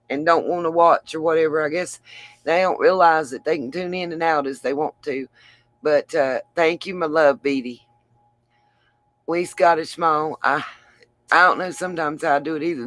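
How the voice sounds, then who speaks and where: A woman's voice: sits low, no room sound. Tired, chatty woman streamer. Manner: chatty, affectionate, calls viewers darling, laughs a lot. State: tired after a long stream. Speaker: livestream host. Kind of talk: casual livestream sign-off chat.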